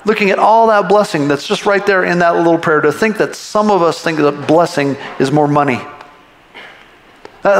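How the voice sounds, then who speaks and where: A man preaching a sermon as pastor, talking conversationally and asking the congregation rhetorical questions. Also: on the high side. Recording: echoey hall with long reverb.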